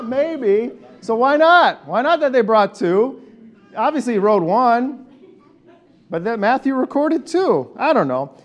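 A man preaching a conversational sermon, animated and leading his congregation in call and response. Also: sits high. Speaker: pastor.

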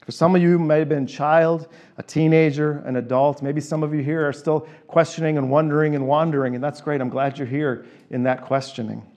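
A man's voice: on the high side, darkish tone. Emphatic man preaching a sermon. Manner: emphatic repetition, shifting between quick asides and slow stressed phrases. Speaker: pastor.

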